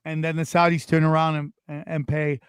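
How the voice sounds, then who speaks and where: A man with a fairly high voice rambles through a casual podcast chat, tossing in dude and bro as he goes. The mic is close and dry, with no room sound. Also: normal speed, smooth, no echo. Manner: rambling, animated, calls listener dude and bro. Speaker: podcast guest comedian.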